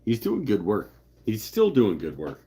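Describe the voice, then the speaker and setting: A man's voice: fairly low pitch, huge pitch swings, unhurried, mellow, slight background noise. A man hosting a live stream, chatting casually and joking as he rambles through viewer comments. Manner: rambling, joking, self-interrupting. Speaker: livestream host.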